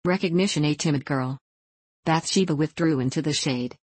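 A woman narrating a classic novel in a measured reading voice, voicing each character with small shifts. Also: low voice, darkish tone, breathy edge, no echo. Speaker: audiobook narrator.

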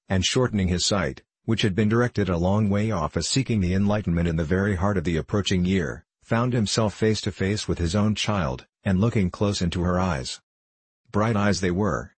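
A man narrating an audiobook of a classic novel with a measured, steady delivery. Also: deep voice, slightly rough, no echo.

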